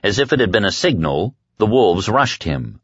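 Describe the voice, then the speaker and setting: A man reading an audiobook in a measured, dark storytelling manner. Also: on the low side, big pitch swings, husky, no room sound. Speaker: audiobook narrator. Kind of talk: scripted audiobook narration. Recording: dry dull lo-fi audio.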